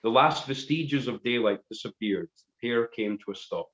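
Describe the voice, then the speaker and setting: A man's voice: mid-range voice, normal speed, a bit bright. A man narrating a comic story in a mock-dramatic way. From Scotland. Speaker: musician reading a story on a live stream. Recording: roomy, dull live stream audio.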